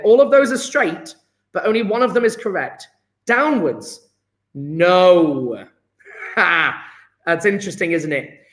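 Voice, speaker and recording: Male chemistry teacher, upbeat and chatty, high-pitched, roomy echo on a computer mic. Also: fairly bright tone. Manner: chatty, encouraging, quizzes students by name. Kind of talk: live online lesson. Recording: echoey room.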